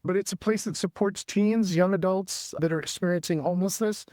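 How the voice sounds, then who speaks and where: A man's voice: sits high, fairly quick, darkish tone, dry recording. A man hosting a church family talk show, introducing his guests in a loose, friendly way. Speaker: host.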